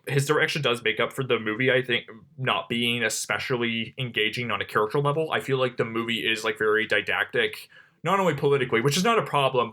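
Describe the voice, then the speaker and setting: A man's voice: mid-range voice, sharp tone. A man co-hosting a podcast, talking through a film in a loose, rambling way full of "like" fillers. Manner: rambling, heavy use of "like" fillers. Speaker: podcast co-host. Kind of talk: casual film discussion.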